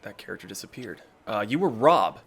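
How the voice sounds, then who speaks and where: A man's voice: fairly low pitch, very animated, fairly quick. A man running a tabletop game as game master, patiently spelling out names in casual chat.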